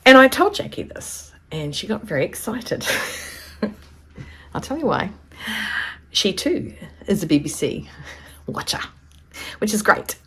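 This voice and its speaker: A woman's voice: mid-range voice, very animated, takes it slowly, pauses often, bright, forceful tone, slightly rough. A woman, chatting casually to camera in a rambling, storytelling way. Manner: chatty, rambling, acts out quoted voices. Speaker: vlogger.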